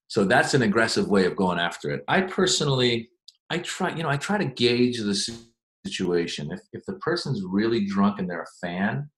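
A man, a stand-up comedian, answering interview questions in an animated, chatty storytelling way. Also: on the low side, moderate pace. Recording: echoey room.

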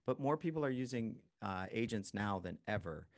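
Relaxed man in easy podcast chat. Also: on the low side, normal speed. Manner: lively, animated when quoting people, laughs easily. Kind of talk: casual conversational chat.

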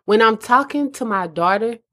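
A woman's voice: on the high side, lively intonation, moderate pace, a bit bright. A woman giving earnest, conversational advice to mothers as a host. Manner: earnest, conversational, addresses listeners as mamas. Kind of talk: casual advice talk.

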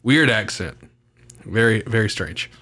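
A man co-hosting a podcast in a relaxed, slangy chat, cursing freely. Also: on the low side, unhurried. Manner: laid-back, swears freely, slangy. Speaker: podcast co-host. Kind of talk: casual chat.

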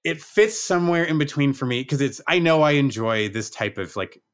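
A man co-hosting a casual podcast, reviewing a movie in a relaxed, enthusiastic way. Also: mid-range voice, fairly quick. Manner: relaxed, enthusiastic, occasional swearing. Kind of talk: casual chat.

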